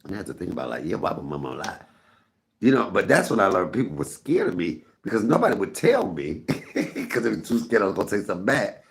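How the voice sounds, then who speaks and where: A man's voice: low voice, sing-song, fast, gravelly. A middle-aged man hosting a live stream, telling rambling, candid stories and talking to his chat. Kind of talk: casual storytelling to viewers.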